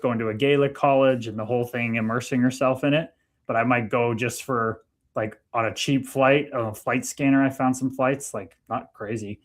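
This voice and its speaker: A man from Canada co-hosting a casual live stream, chatting in a relaxed way and reading viewer comments aloud. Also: medium pitch. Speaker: co-host.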